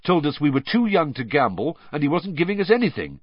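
A man's voice: a little high, sing-song, fast, husky, no echo, lo-fi sound, voice pushed up. A man voicing a cheeky, impatient teenage boy, brash and matter-of-fact.

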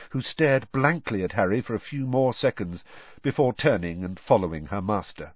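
Male audiobook narrator, animated and dramatic, dry slightly dull audio. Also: fairly low pitch, normal speed, no echo.

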